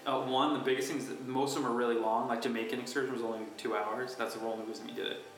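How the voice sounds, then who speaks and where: A blunt, emphatic man rattling off his points quickly as a podcast co-host. His voice rings around a very echoey room. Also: medium pitch, level tone, a bit bright, far from the mic. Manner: blunt, emphatic, swears freely. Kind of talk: casual chat.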